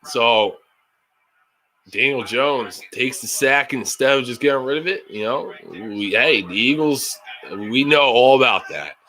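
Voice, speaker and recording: Slow-talking, bright-voiced man ranting at a game. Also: mid-range voice, a little hiss or hum. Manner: frustrated, swearing fan rants. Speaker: streamer reacting to a football game. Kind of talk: live game reaction and commentary.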